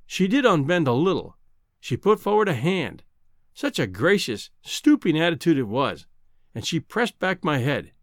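A man narrating a classic novel in an expressive, old-fashioned literary reading. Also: a little high, moderate pace, no room sound, clean studio sound. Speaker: audiobook narrator. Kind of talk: storybook narration.

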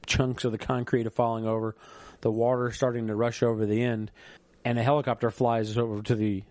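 A man's voice: lowish voice, a little mellow, no echo. Earnest middle-aged male podcast host. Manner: earnest, reflective, storytelling. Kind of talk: casual solo podcast monologue.

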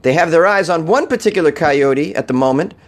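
A man's voice: fairly high pitch, expressive, brisk. A young man from New England hosting a casual comedic news talk show, irreverent and swearing, laughing at his own jokes. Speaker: radio show host.

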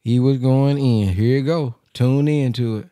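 A man's voice: medium pitch, a little slow, warm tone, no room sound, clean studio sound. A man hosting a live call-in stream, loose, chatty and often laughing. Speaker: host. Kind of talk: casual live-stream chat.

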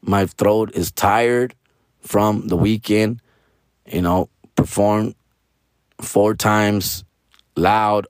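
A comedian in his forties talking casually in a hoarse, raspy voice. He swears freely, drops Spanish slang, and keeps ending lines with "fool" and "bro". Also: on the low side, no room sound, studio quality. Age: 40s. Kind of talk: casual monologue.

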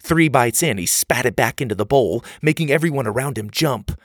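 A man narrating a children's adventure story with an animated, expressive read. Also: medium pitch, brisk, husky, no echo, studio quality.

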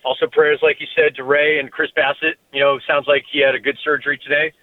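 A man calling in over a tinny phone line, casual and friendly. He talks quickly with loose filler words, and his voice sits a bit high. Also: flat delivery. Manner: casual, laid-back, lots of "you know". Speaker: caller.

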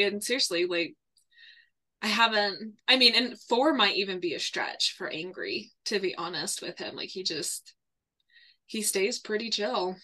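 A woman's voice: medium pitch, measured pace. A woman who works as a fitness coach, telling stories in a casual podcast chat with frequent laughs. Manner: animated storytelling, laughs often. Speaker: online fitness and nutrition coach, guest.

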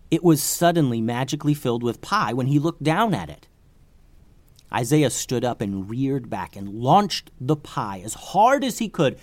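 A man telling an improvised adventure story, animated and rising with the action. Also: mid-range voice, dry recording.

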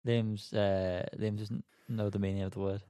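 A man's voice: fairly low pitch, flat delivery, moderate pace, mellow, clean tone, no room sound, clean studio sound. A man hosting a casual music news podcast, chatty and self-mocking as he reads out the news. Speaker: podcast host.

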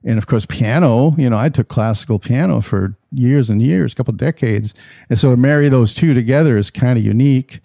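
A man's voice: medium pitch, fairly quick, vocal fry, dry recording, clean studio sound. Easygoing man telling music stories. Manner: animated anecdotes, easygoing. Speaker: musician guest. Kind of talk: conversational storytelling.

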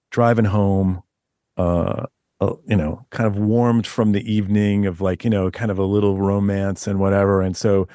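Low-pitched male author, animated rambling storyteller, dry close sound. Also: no room sound. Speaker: author guest. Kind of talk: casual podcast interview.

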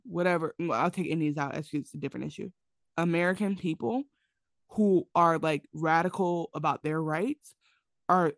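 A woman co-hosting a podcast in casual chat, animated and opinionated, swearing freely as she makes her points. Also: lowish voice, no room sound, clean studio sound. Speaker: podcast co-host.

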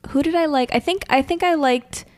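A woman's voice: high-pitched, brisk, no room sound. A woman co-hosting a casual podcast, asking puzzled, curious questions. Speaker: podcast co-host. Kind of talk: casual chat.

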